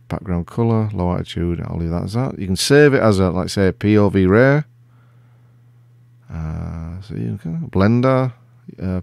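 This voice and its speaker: Low, gravelly middle-aged man hosting a relaxed software walkthrough, self-deprecating and rambling. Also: no echo, clean studio sound. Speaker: tech video host. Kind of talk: casual screen-recorded software walkthrough.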